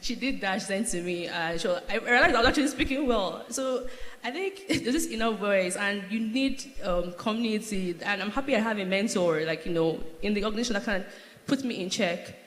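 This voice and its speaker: A woman's voice: medium pitch, fairly quick, few pauses. A woman from Nigeria speaking on a conference panel, telling candid stories about her career and laughing as she goes. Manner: candid, animated storytelling with laughs. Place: large conference hall. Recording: echoey hall, faint noise.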